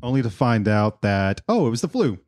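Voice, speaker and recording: A man's voice: medium pitch, very animated, fairly quick, a little mellow. A man chatting on a casual podcast, recounting a trip in an easygoing way.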